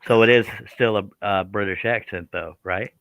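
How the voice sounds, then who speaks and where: A man's voice: on the low side, normal speed, smooth, dry recording, lo-fi sound. A man with a Texan accent hosting a live stream, joking and laughing often. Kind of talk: casual chat on a live stream.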